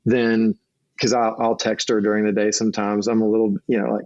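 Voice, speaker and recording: Flat-voiced earnest middle-aged man. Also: medium pitch, a little fast, no room sound. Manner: earnest, restarts often. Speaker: marriage coach, guest. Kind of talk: casual conversation. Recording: dull lo-fi recording.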